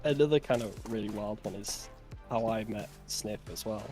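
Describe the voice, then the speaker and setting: A man's voice: fairly low pitch, moderate pace, a little mellow, soft background music. A man, a guest creator, telling casual stories in a rambling, filler-heavy way. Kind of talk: casual storytelling.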